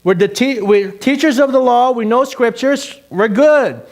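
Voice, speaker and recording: A man mocking self-satisfied religious teachers of the law, boasting in a raised, loud voice. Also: extremely high pitch, unhurried, voice pushed up. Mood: smug.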